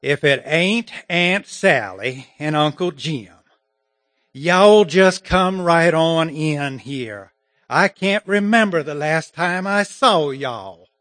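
A man putting on a drawling Deep South host. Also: lively intonation, slow, fairly bright tone, no room sound. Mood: welcoming. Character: folksy Deep South man welcoming kinfolk.

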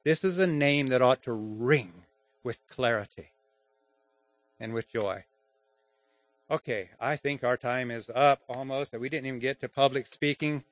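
A man teaching grammar and public speaking in an informal lesson, halting and restarting often, with chuckles between points. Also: mid-range voice, dry recording.

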